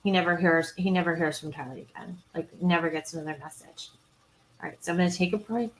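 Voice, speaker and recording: A woman's voice: lowish voice, fast talker, slight background noise, low-quality recording. A woman hosting a casual true crime livestream, recapping scenes and reading viewer comments aloud in a chatty way, with frequent ums and restarts. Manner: chatty, retells scenes, greets and answers viewers.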